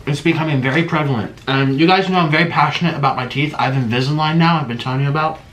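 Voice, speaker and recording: A man's voice: fairly high pitch, very fast, fairly bright tone. A man chatting casually to viewers while eating, humming with his mouth full between sentences. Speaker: mukbang vlogger.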